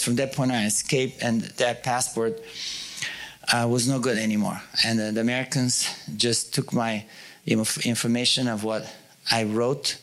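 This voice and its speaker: A man from Bulgaria, telling a story in a sermon-style podcast, with broken, animated phrasing. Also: mid-range voice. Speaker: ministry speaker.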